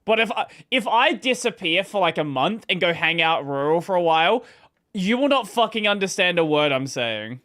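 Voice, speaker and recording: A man's voice: sits high, normal speed. A man, a streamer chatting casually while commenting over a video. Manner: chatty, relaxed, thinks aloud.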